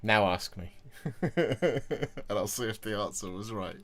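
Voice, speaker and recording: A man's voice: on the low side, expressive, takes it slowly, fairly bright tone, faint music behind. A man hosting a casual livestream while building models, chatty and self-deprecating as he greets viewers. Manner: chatty, self-deprecating, reads chat aloud.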